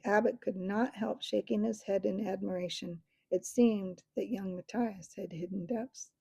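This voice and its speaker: A woman narrating a storybook aloud, now and then dropping into soft whispers. Her voice is dark and gravelly with a husky edge. The sound is dry and close. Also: medium pitch, steady tone, a little slow, few pauses, dry recording. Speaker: audiobook reader.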